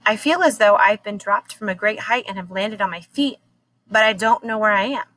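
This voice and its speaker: A woman's voice: medium pitch, fairly bright tone, poor audio. Woman teacher reading a chapter book aloud. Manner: measured, unhurried reading with small slips.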